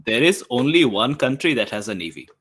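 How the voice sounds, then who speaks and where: A man playing a tabletop game, joking and throwing in quick asides. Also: medium pitch, sing-song, a bit bright, breathy edge. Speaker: player. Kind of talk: tabletop role-play.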